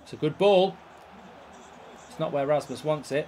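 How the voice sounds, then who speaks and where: A man commenting live on a football video game, swearing and reacting loudly to each play. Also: on the high side, normal speed, slight background noise. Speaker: YouTube gaming host.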